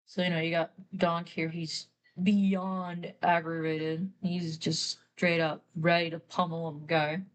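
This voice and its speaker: A woman's voice: on the low side, little pitch movement, takes it slowly, poor audio. A young woman artist chatting casually while drawing on stream, rambling through a story with lots of fillers.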